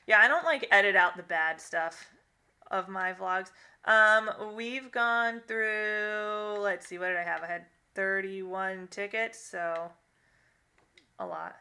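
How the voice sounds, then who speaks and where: A woman's voice: mid-range voice, measured pace, bright, forceful tone. A young woman streaming a game, chatting casually with viewers and reading their comments, rambling and laughing often. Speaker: gaming live-streamer.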